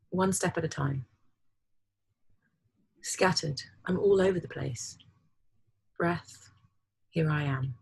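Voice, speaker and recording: A woman co-hosting a reflective talk, reading her own poem in a gentle, unhurried way. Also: low voice, gravelly, husky. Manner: gentle, soft-spoken, unhurried. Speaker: podcast co-host.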